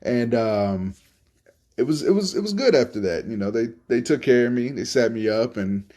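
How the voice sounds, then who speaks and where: A man's voice: medium pitch, lively intonation, normal speed, mellow. Laid-back profane man telling stories. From Tampa, Florida. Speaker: podcast host telling stories. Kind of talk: casual storytelling monologue.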